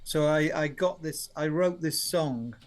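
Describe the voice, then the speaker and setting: A fairly high-pitched, slightly slow male voice belongs to a songwriter in his seventies from Sheffield, Yorkshire, England. He's a guest on a radio interview, chatting away and spinning rambling stories punctuated by frequent laughter.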